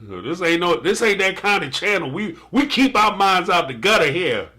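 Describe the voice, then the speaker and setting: Male live-stream host, slightly high bright voice, jokey and quick to laugh. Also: very animated. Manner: joking, laughs often, playful asides. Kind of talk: casual live-stream commentary, reading super chats.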